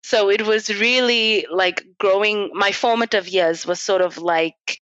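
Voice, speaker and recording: A woman's voice: medium pitch, measured pace, hardly any pauses, fairly bright tone, no echo, dull audio. A young South African woman, a native Afrikaans speaker, reflecting in a casual interview and laughing often. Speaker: guest.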